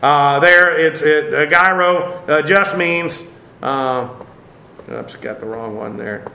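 A man's voice: a little high, slow, gravelly, bright, forceful tone, reverberant, poor audio. A man teaching a verse-by-verse Bible lesson in a conversational way, with many fillers and wry asides.

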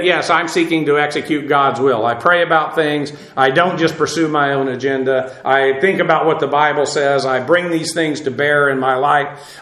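A man teaching scripture in a measured, explanatory way, often pausing on small filler sounds. His voice sits a little high for a man. The room around him rings with echo. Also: a bit bright. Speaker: Bible teacher. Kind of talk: sermon.

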